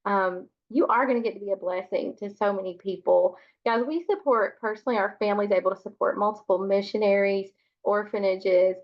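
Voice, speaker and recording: A woman with a fever speaking earnestly on a group call, sliding into a preaching tone. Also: mid-range voice. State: has a fever. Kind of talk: casual testimony on a video call. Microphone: video call. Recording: dull lo-fi call audio.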